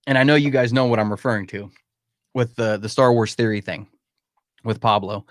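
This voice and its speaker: A man's voice: on the low side, steady tone, brisk, no echo, studio quality. A man hosting a live-stream Q&A from his home, talking candidly and emphatically and calling listeners "man". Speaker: podcast host. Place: home room.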